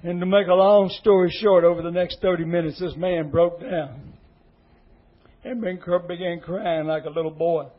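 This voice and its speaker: A man's voice: high-pitched, steady tone, moderate pace, muffled recording. A middle-aged man, an associate pastor giving an earnest, emotional testimony sermon. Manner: emotional, earnest, repetitive pleading.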